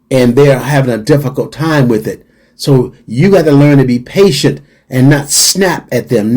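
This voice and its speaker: A man's voice: medium pitch, warm tone. A middle-aged man hosting a radio talk show, speaking earnestly and repeating his key points for emphasis.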